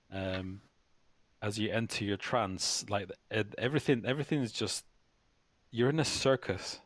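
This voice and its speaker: A man's voice: on the low side, fairly bright tone, no room sound. Man gm narrating, trips over words a lot, dry sound. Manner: halting, repeats words. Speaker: game master. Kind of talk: narrating a tabletop game.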